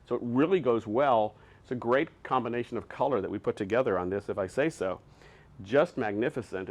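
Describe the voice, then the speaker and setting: Gushing man showing off decor. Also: medium pitch. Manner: gushing, enthusiastic, lots of superlatives. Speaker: host showing his decor collection. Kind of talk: casual product showcase. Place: showroom.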